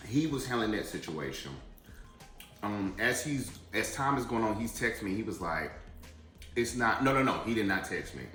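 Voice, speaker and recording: A man's voice: lowish voice, lively intonation, moderate pace, a bit bright, roomy sound, soft background music. Chatty man telling a story. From Atlanta area, USA. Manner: chatty, addresses viewers directly, digressive. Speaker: vlogger. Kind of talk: casual storytelling while eating.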